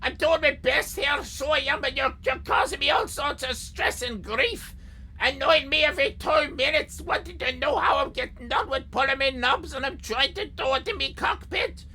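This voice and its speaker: A woman's voice: high-pitched, moderate pace, pushed and bright. A woman hosting a comic live stream, chatting with many fillers. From Ireland.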